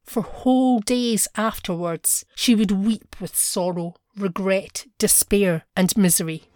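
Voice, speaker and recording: A woman reading a classic short story aloud in a measured, expressive storytelling manner. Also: mid-range voice, no room sound, studio quality. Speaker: narrator. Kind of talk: scripted story narration.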